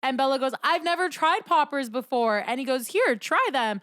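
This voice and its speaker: A woman's voice: sits high, animated, moderate pace, a bit bright, no room sound, studio quality. A young woman co-hosting a podcast, telling a party story in casual chat, acting out quotes and swearing freely. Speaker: podcast co-host.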